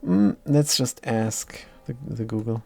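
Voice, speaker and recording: A man's voice: mid-range voice, expressive, slow pace, creaky, faint music behind. A man streaming live, talking through his code as he works and mumbling his thoughts aloud, often trailing off. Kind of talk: live coding commentary.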